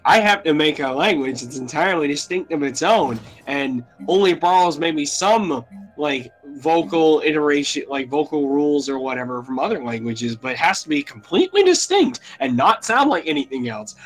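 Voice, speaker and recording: A man's voice: moderate pace, poor audio. A man with an American accent chatting casually and jokily while streaming a strategy game. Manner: animated, rambling, jokey, jumps to high squeaky exclamations. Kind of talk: casual chat while gaming.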